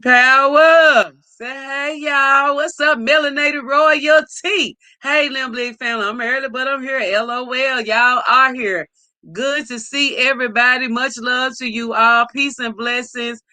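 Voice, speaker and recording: Upbeat woman livestream host, slow and bright. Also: high-pitched, steady tone, no room sound. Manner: warm, enthusiastic shout-outs to chat. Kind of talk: casual livestream greeting viewers.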